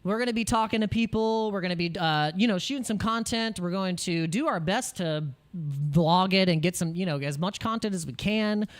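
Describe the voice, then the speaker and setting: A man's voice: sits high, normal speed, clear, resonant tone. Rambling American man hosting a stream. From United States. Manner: rambling and joking, with frequent laughs and restarts. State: jittery from espresso. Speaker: crypto livestream host. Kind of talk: casual livestream chat.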